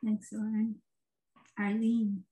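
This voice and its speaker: Woman, retreat facilitator, gentle checking-in manner, video call, echoey room. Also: medium pitch, completely flat delivery. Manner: gentle, unhurried instructions with tag questions. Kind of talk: guiding a virtual group session.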